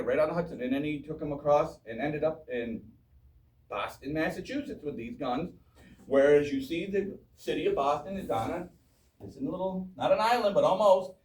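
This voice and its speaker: A man gives a lively, joking history talk, quizzing his audience in a fairly high voice. He is recorded from far off in an echoey town hall. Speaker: history speaker. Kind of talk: informal public history talk.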